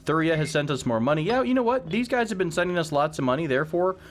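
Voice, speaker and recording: A gaming channel host, male, thinks aloud through a let's play in a rambling way with frequent restarts, recorded at home on a sensitive desk microphone. His voice is on the high side, expressive and fast, with faint music behind and a faint air conditioner humming in the room.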